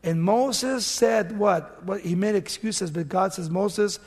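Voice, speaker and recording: A man preaching a sermon, telling the story dramatically and swinging from loud outbursts to hushed lines. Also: sits high, slow pace, slightly rough, long reverb tail.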